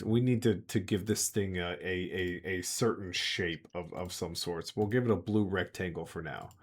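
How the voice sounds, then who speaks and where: Deep-voiced man running a tabletop game. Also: a little mellow. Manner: rambling, hesitant descriptions full of fillers. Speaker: game master.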